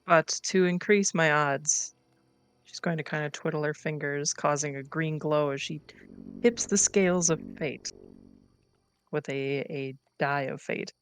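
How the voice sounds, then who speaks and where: A woman's voice: deep voice, a little slow, clear, resonant tone. A woman taking part as a player in a tabletop game, chatting casually about her character.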